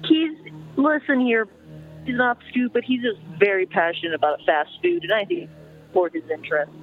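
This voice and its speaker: A man's voice: extremely high pitch, sing-song, normal speed, faint music behind, heavily acted. A man putting on the voice of an indignant mother who defends her son, scolding the host over a call. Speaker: caller. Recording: tinny phone line.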